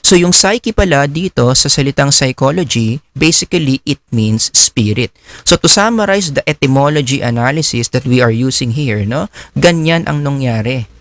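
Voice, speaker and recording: Filipino lecturer posing rhetorical questions. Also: male voice, medium pitch, expressive, moderate pace, a bit bright, dry recording. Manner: explanatory, asks the class rhetorical questions. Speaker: psychology lecturer. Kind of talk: recorded lecture.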